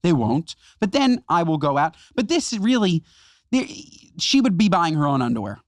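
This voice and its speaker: A man's voice: fairly high pitch, sing-song, normal speed, no room sound. A man co-hosting a podcast, riffing emphatically and exaggerating for comic effect. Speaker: podcast co-host. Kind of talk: casual chat.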